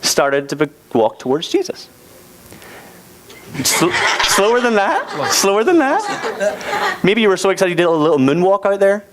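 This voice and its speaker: A man's voice: high voice, moderate pace, very noisy. A man leading a playful, interactive Bible lesson with volunteers, speaking into a handheld microphone. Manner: playful, animated, laughing teacher directing a skit. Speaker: youth teacher.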